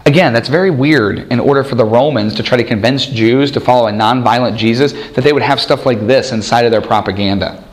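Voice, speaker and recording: A man preaching a sermon in an animated way, acting out the people he quotes. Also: mid-range voice, brisk. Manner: animated, acts out quoted voices.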